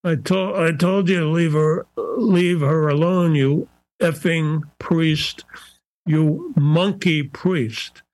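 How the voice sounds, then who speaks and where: A man's voice: on the high side, steady tone, slow pace, darkish tone, dry recording, low-quality recording. A man voicing a spiteful male demon that taunts a priest in a sneering way.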